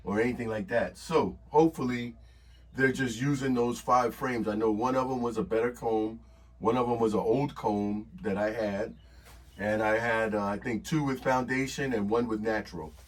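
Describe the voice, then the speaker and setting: A man's voice: mid-range voice, recorded from a distance. Rambling man vlogging about his bees. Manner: rambling, frequent ums and self-corrections. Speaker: beekeeping vlogger. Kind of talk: casual vlog talk to camera. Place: indoors in a storeroom by the backyard.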